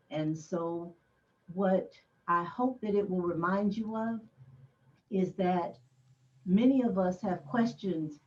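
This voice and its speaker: A woman leading a church service, introducing a story in a measured, gentle way. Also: on the low side. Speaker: worship service leader. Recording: distant dull church recording.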